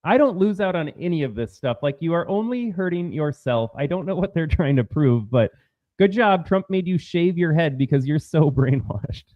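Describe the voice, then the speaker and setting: Male show host, scornful commentary, somewhat high lively voice. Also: normal speed, no echo, highs cut off. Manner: sarcastic, scornful. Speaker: political talk show host. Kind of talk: casual commentary.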